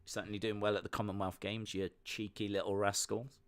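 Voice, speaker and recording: A man's voice: on the low side, little pitch movement, brisk. A man hosting a fight-night watch-along stream, chatting casually, reading chat messages and making jokey asides.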